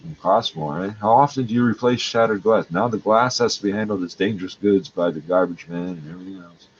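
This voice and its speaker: A man's voice: lowish voice, fairly even intonation, fast, dull audio, a little hiss or hum. A man in pain, ranting in a rambling, heated and profane way. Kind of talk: angry rambling rant.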